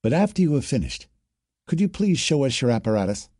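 A man voicing a female alien troop commander who speaks cautiously and politely with quiet authority. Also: mid-range voice, big pitch swings, fairly quick, dry recording, studio quality, voice pushed up.

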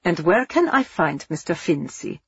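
A woman voicing a cold, menacing male German army captain who questions his prisoners with calm cruelty. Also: fairly low pitch, normal speed, husky, dry recording, highs cut off, exaggerated voice.

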